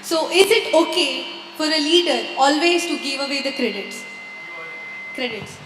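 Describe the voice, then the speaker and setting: A woman's voice: high voice, animated, moderate pace. A woman in the audience asking a careful, slightly hesitant question. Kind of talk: question from the floor. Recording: distant echoey hall, faint music.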